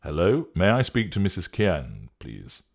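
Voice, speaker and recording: Guy doing a worried earnest man, super deep, gravelly and expressive. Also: unhurried, heavily acted. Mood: concerned. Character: worried protective middle-aged man.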